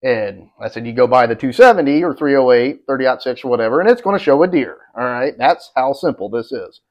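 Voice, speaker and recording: A man's voice: mid-range voice, brisk. Profane, rambling storyteller man. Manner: rambling, profane, animated when quoting others. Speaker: podcast co-host. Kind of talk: casual storytelling. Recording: dull lo-fi podcast audio.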